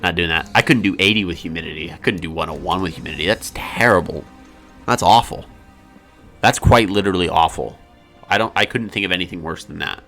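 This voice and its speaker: A man's voice: sits low, fairly quick, fairly bright tone, faint music behind. A man giving casual let's-play commentary as a gaming streamer, joking and laughing at his own remarks.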